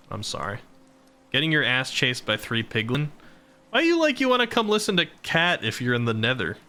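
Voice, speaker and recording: Male streamer, chatty and laughing, talks to viewers; bright, punchy tone, soft music underneath. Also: medium pitch, smooth. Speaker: VTuber streamer. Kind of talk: casual live-stream chat.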